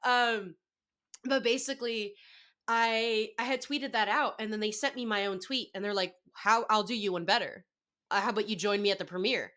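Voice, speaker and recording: A young woman telling a story in a casual podcast chat, excitable and acting out her own reactions. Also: mid-range voice, normal speed. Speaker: podcast guest.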